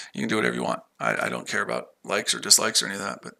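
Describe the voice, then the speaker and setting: A man's voice: low voice, very animated, fast, vocal fry, pushed and bright. A man hosting a live trading stream, talking loosely and offhandedly, with frequent restarts. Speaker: livestream trading host. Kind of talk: casual live-stream chat.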